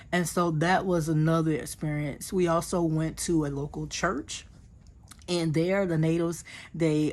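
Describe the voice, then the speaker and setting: A woman from the United States, telling an earnest, emotional story about her mission trip in a casual vlog, with many fillers and restarts. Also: fairly low pitch.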